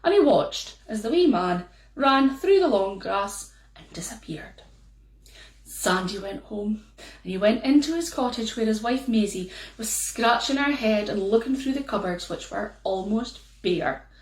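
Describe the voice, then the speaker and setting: Lively Scottish woman telling a tale. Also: mid-range voice, roomy sound. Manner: lively, playful, drawn-out. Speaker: storyteller. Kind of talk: storytelling.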